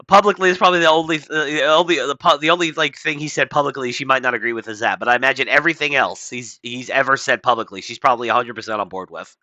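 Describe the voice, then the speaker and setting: A man's voice: mid-range voice, sharp tone, no echo, poor audio. Blunt, sarcastic male political commentator. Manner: blunt, sarcastic, profane asides. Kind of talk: casual reading and commenting on an article.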